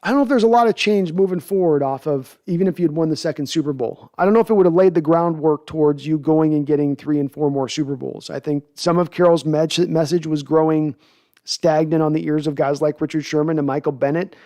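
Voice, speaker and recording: A man with a somewhat high-pitched voice hosts a podcast, reading out viewer comments and answering them in a loose, casual way. He rambles, restarting his sentences often. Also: fairly quick, warm tone. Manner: rambling, with frequent restarts and fillers. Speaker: podcast host.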